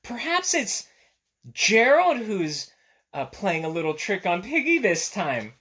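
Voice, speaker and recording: Lively, bright-toned man reading to children. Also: high-pitched, slow pace, reverberant. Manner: gentle, chatty, talks directly to children. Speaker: teacher reading aloud. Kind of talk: children's story read-aloud.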